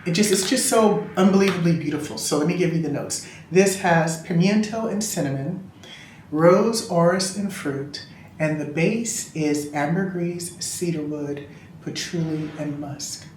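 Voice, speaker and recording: A woman's voice: on the low side, a little slow, a little mellow, a little hiss or hum. A woman reviewing a fragrance in casual chat, a gushing and chatty storyteller talking from a room at home. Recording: roomy room echo.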